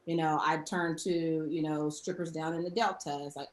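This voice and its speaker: A woman's voice: deep voice, normal speed, few pauses. A young woman from the South, speaking expressively as a showrunner guest in a roundtable conversation. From American South. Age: young adult. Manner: expressive, animated. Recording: roomy echo.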